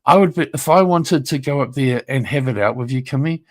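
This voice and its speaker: Ranting on a YouTube livestream, this man speaks briskly in a mid-range voice. He addresses his rival head-on, foul-mouthed and taunting, needling him and saying the same things over again.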